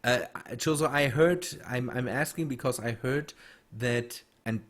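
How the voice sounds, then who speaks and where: Slow, halting male game streamer. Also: medium pitch. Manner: halting, many restarts and fillers while reading chat. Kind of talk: casual gameplay stream chat.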